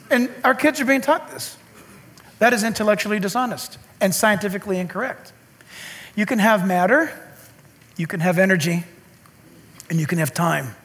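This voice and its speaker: A man preaching a sermon in an animated, joking way, with sarcastic asides to the congregation. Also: high-pitched, normal speed, long pauses. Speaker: pastor.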